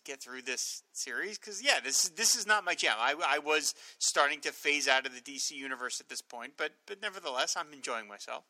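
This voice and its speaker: A man's voice: fairly high pitch, lively intonation, fairly quick, few pauses, pushed and bright. A man co-hosting a casual podcast, speaking wryly and with self-deprecating humor. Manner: self-deprecating, dry, wry. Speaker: podcast co-host.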